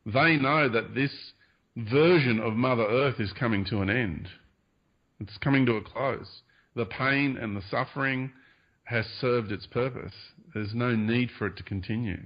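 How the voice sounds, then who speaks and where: A man speaking as a radio-show guest, talking earnestly about spiritual ideas, hedging often and pausing with fillers. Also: medium pitch. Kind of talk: spiritual interview talk. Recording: dull lo-fi radio audio.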